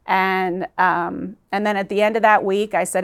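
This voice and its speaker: A woman's voice: medium pitch, level tone, normal speed, clear, resonant tone. A woman guest in an interview, telling a personal story in an earnest, emotional way that halts at times.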